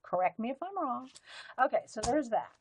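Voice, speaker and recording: A woman's voice: a little high, very animated, fairly quick, slight background noise, low-quality recording. A woman, chatting casually on a live stream while sorting and showing her pens. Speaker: livestream host.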